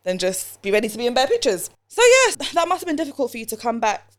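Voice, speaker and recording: A woman's voice: a little high, wildly swooping pitch, quick pace. Laughing woman hosting a podcast. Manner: warm, laughs often, emotional. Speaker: podcast host. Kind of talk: casual interview chat.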